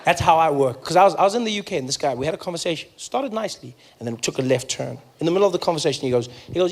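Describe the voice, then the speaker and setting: A man's voice: a little high, animated, rapid-fire, few pauses. A man with a South African accent doing a conversational, playful stand-up routine and acting out voices. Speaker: stand-up comedian.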